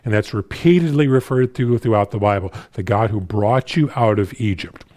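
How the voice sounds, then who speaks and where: A man preaching a sermon, stumbling over repeated words and restarts, reading scripture slowly and deliberately. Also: on the low side, a little mellow. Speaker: pastor.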